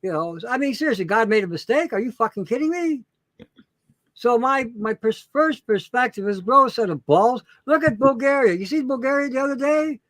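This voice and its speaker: High-voiced blunt man ranting, dry sound. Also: expressive, a little fast, hardly any pauses, fairly bright tone, no room sound. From Canada. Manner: emphatic, repetitive, swears heavily. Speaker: guest, show host himself.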